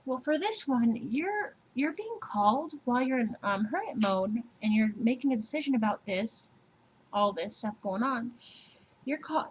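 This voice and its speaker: A woman's voice: a little high, a little hiss or hum, poor audio. A woman giving a casual personal tarot reading, chatty and laughing, swearing freely and acting out little scenes. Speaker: tarot reader.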